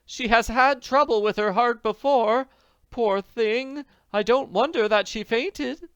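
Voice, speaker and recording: A man's voice: extremely high pitch, slow, fairly bright tone, smooth, no room sound, lo-fi sound, pitched above the performer's own voice, full character voice. A man voicing a kindly woman who pleads and frets over her friend. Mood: anxious. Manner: pleading, worried.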